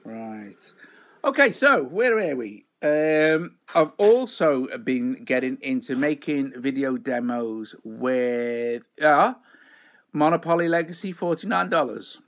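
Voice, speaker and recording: A man's voice: mid-range voice, lively intonation, slow, a bit bright. A man hosting a casual live stream from home, rambling and chatty as he greets viewers by name.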